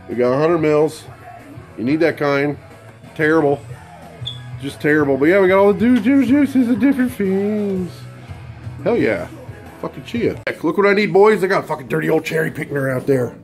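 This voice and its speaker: A man rambling through a casual vlog, swearing constantly and breaking into loud outbursts. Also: on the high side, expressive, normal speed, faint music behind. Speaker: vlogger at a vape shop. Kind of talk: casual profane vlog chat.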